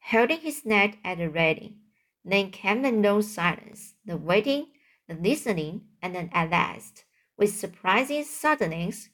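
Woman, reads a storybook aloud, slow, restarts words now and then. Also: mid-range voice. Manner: halting, with small restarts. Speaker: reader. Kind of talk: reading a children's book aloud.

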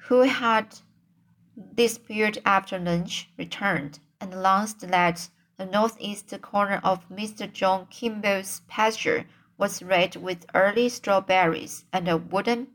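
A woman's voice: medium pitch, fairly bright tone. A woman narrating an audiobook as an amateur reader, stumbling at times with fillers and restarts. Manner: slow reading with slips, fillers and restarts.

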